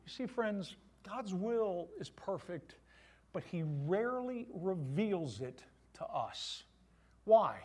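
A middle-aged male pastor preaching a sermon to his church, animated, with voiced asides. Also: high-pitched, takes it slowly.

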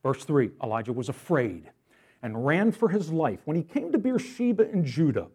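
A male pastor preaching a sermon to his church, telling a story in an animated, storytelling way. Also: a little high, normal speed, breathy edge.

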